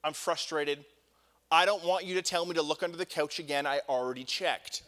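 A man's voice: a little high, fairly even intonation, a little fast, fairly bright tone. A man in his thirties, a pastor preaching a sermon, telling family stories in a loose, self-deprecating way with lots of fillers. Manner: conversational storytelling with many fillers. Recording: long hall reverb.

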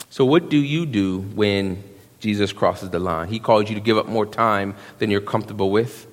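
A man, preaching a sermon, swinging between hushed asides and loud emphasis and acting out quick quotes. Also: lowish voice. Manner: drops into quick voiced quotes of young men. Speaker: pastor. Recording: long reverb of a church hall.

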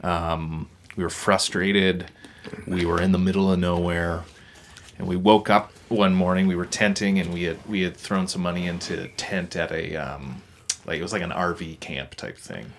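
Young guy on a podcast, real low gravelly voice, lots of ums and restarts. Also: steady tone, normal speed, slight background noise. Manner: rambling, hesitant, with many fillers and restarts. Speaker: podcast co-host. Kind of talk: casual conversation.

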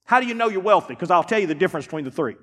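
A man preaches, his voice pitched high and swinging widely from booming emphasis to hushed asides. His delivery is folksy and emphatic. The sound carries the long reverb of a church hall. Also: expressive, racing. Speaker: pastor. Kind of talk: sermon. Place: church sanctuary.

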